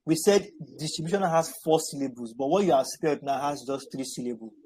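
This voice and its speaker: A man tutoring over a video call, patient and encouraging, breaking words into syllables slowly. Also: on the high side, expressive, warm tone, slight background noise, poor audio. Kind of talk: online spelling and pronunciation lesson.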